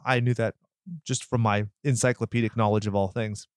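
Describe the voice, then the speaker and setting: A man's voice: lowish voice, level tone, brisk, no room sound, studio quality. A man co-hosting a horror movie podcast, talking in a sarcastic, joking way and swearing freely. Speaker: podcast co-host. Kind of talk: casual movie review banter.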